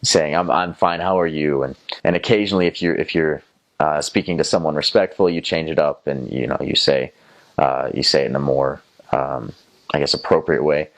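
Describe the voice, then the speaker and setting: With a very deep voice and a moderate pace, a young Southern American man from North Carolina, USA, rambles through first-person stories of his missionary years. Fillers and restarts abound, and he imitates the voices of people he mentions.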